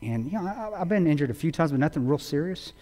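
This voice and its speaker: A man giving a talk to an audience, telling a war story with intensity, swinging between loud bursts and hushed low lines. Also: lively intonation, fast. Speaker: guest speaker. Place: large auditorium. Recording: long hall reverb.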